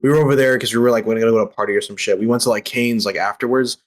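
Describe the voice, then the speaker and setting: A young man telling a story in casual podcast chat over a voice call, rapid and profane, packed with fillers. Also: mid-range voice, fairly even intonation. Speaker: podcast participant. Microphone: remote call over voice chat.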